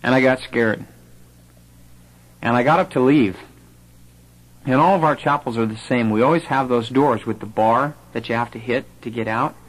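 A man's voice: mid-range voice, moderate pace, pauses often, poor audio. Man telling a personal story. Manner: animated storyteller who acts out quoted voices; conversational, with some fillers. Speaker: speaker sharing a personal conversion story. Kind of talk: storytelling talk to a live audience.

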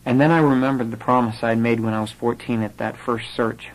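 A man's voice: medium pitch, brisk, rough recording. A man telling a personal conversion story to a live audience in a conversational way, with some fillers. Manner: animated storyteller who acts out quoted voices.

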